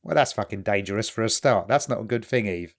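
A man's voice: on the low side, lively intonation, fast, vocal fry. A man co-hosting a podcast, chatting casually and retelling what he watched, with plenty of swearing. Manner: sweary, conversational, retells scenes. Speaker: podcast co-host. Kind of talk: casual chat.

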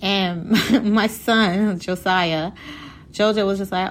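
A woman in her thirties from Haiti talking casually about her own life, animated and laughing often as she tells stories. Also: mid-range voice, takes it slowly, slight background noise. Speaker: vlogger. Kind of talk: casual personal talk.

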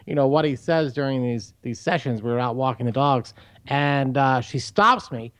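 A man co-hosting a comedy podcast in casual chat, rambling with many filler pauses. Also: mid-range voice, fairly bright tone, no echo. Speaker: podcast co-host.

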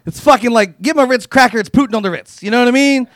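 A man performing a crude, profane stand-up comedy routine, riffing and acting out quotes with loud, punchy bursts. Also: extremely high pitch, very fast, no echo, studio quality.

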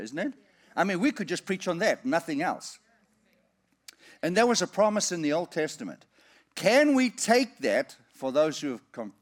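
A middle-aged man preaching a sermon, reading scripture slowly and emphatically, then rising and falling in loudness as he drives his points home. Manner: animated preaching with lively swings in pitch and volume.

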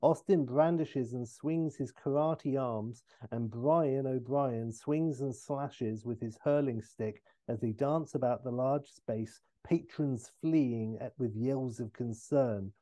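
A man on a comedy podcast narrating a comic film pitch, animated with many fillers. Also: takes it slowly, few pauses, no echo.

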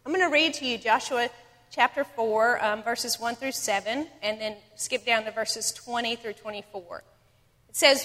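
A woman's voice: on the high side, normal speed, bright, forceful tone, in a large hall. A woman leading an evening Bible study, chatting casually with many ums, then reading scripture aloud.

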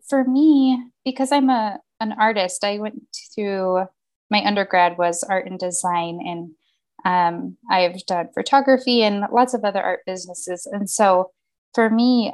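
Supportive woman podcast host. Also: mid-range voice. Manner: affirming, supportive listener. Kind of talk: casual heartfelt conversation.

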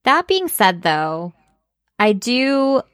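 A woman co-hosting a podcast in relaxed casual chat, full of fillers and laughing at her own stories. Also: fairly high pitch, very slow, dry recording, studio quality. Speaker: podcast co-host.

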